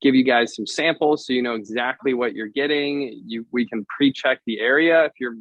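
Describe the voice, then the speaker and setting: A man speaking as a vendor guest in a casual video interview, giving an upbeat sales pitch and spelling out web addresses. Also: moderate pace, fairly bright tone, no room sound. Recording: dull, dry lo-fi audio.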